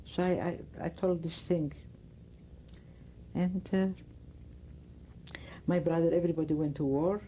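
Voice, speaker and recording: Older Greek woman, dark hushed voice. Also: on the low side, fairly even intonation, a little hiss or hum, poor audio. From Greece. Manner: halting, searching for words, many restarts. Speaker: interviewee. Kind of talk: oral history testimony.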